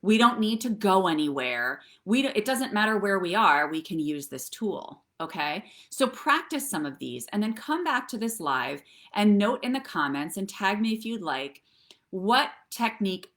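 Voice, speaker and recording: This wellness coach, a middle-aged woman, talks her live-stream viewers through breathing exercises and tapping in a chatty way, often pausing for an "okay?" or "right?". Her voice is fairly low with a reasonably bright tone.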